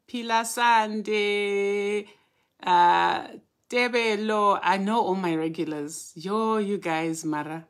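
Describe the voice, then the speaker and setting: A woman's voice: mid-range voice, takes it slowly. A woman, a spiritual teacher hosting a live stream, who greets her viewers one by one by name before she starts teaching. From Southern Africa.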